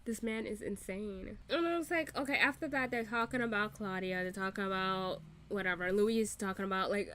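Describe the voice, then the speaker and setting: A woman's voice: medium pitch, a bit bright. A woman hosting a reaction video, ranting in an exasperated, profane way with lots of fillers and laughter. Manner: many "like" fillers, restarts and quick rants. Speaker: reaction channel host. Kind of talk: reaction commentary.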